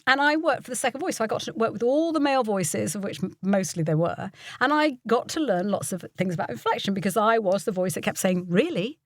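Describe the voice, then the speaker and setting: A woman's voice: medium pitch, animated, quick pace, hardly any pauses, dry recording, studio quality. An older woman from the UK, a voiceover artist and coach, telling stories casually in an interview. She acts out the people she quotes and laughs often.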